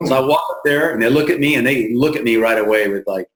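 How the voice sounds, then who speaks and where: Earnest man telling war stories, roomy sound. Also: mid-range voice. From United States. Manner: plain-spoken, halting restarts, slows for emphasis. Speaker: founder of an aid group, interview guest. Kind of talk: earnest storytelling in an interview. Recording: roomy echo.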